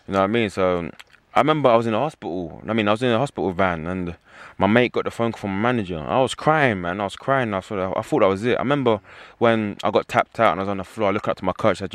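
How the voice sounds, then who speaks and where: A young man rattles through his story at a fast clip, voice sitting fairly low. The sound is dry and close, with no room around it. He keeps circling back to "you know what I mean" as he talks. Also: fairly bright tone, no echo. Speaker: professional fighter as guest. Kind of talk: casual interview talk.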